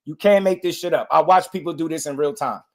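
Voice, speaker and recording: Talking fast in a slightly high voice, a man hosting a live boxing show fires back at chat. He stays animated and insistent, repeating himself and naming viewers directly.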